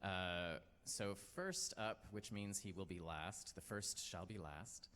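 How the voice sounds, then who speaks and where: Slow and sharp-toned, this American man's low voice fills a hall with long reverb. He's the host of a live storytelling show, wandering through a personal tale, poking fun at himself and leaning on fillers.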